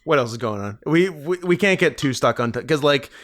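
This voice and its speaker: A man's voice: on the high side, lively intonation, fairly quick, a bit bright. A man co-hosting a casual comedy podcast, joking and laughing often and trailing off into ums. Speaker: podcast co-host.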